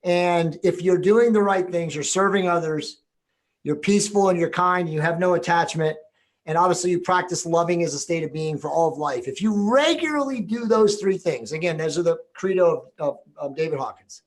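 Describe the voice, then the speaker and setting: High-ish guy hosting a chat, rambly, lots of ums and you knows. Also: moderate pace. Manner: rambling, filler-heavy questions. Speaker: podcast host. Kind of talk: casual spiritual discussion.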